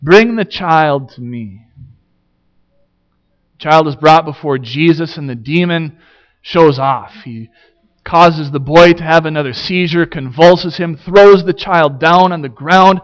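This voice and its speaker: A man preaching a sermon, building rhetorical questions with dramatic pauses. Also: on the high side. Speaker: pastor.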